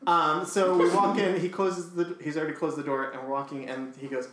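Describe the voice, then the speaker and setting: A man's voice: on the high side, a little fast, few pauses. A man on a podcast telling a funny story in a casual way, laughing and acting out voices as he goes. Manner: animated, laughing, acts out voices in his stories. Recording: echoey room.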